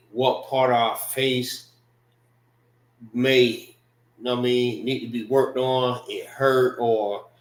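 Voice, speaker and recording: An American man teaching a Hebrew class, slowly drilling pronunciation and checking in with "all right" and "know what I mean". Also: medium pitch, reverberant, low-quality recording. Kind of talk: classroom language lesson.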